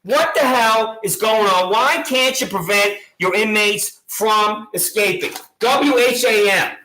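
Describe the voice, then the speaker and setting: A woman's voice: medium pitch, slow, bright, forceful tone. A woman with a Long Island accent, ranting in a sarcastic, taunting way straight to the camera, repeating her jabs. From Long Island, New York. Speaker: vlogger. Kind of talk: mocking direct-address rant. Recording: echoey room.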